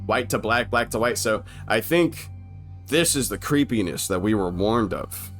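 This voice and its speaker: A young man giving casual, excited commentary on an old film, slangy, swearing and laughing often. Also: fairly low pitch, a little slow, faint music behind. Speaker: movie reaction commentator.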